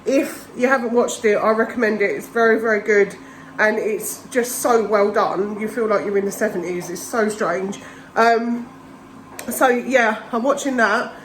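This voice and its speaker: A woman's voice: normal speed, slight background noise, low-quality recording. A middle-aged woman chatting casually in a home vlog, a little out of breath from a chest infection, rambling and chatty. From England. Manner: chatty, rambling, talks to her cats in a high sing-song. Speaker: vlogger. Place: home kitchen indoors.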